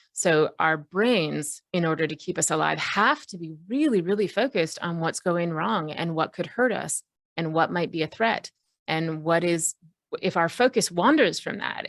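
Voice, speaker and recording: A woman's voice: lowish voice, vocal fry, no room sound, clean studio sound. A woman coach giving a conversational online talk to a group, full of fillers and self-corrections.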